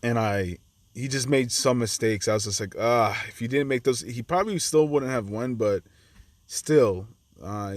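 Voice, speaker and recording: A chatty man talks through his card game match in a relaxed, conversational way. His voice sits at an ordinary middle pitch. The sound is dry and close to the mic. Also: no room sound. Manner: chatty, acts out his own reactions to the opponent. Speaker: gaming channel host. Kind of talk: casual gameplay commentary.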